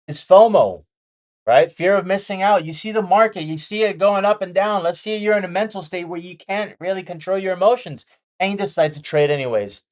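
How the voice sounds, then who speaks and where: This day trading vlogger has a medium-pitched, somewhat dark voice. Sketching a chart as he goes, he chats in a casual, candid way, circling back to key points and cracking jokes on the side.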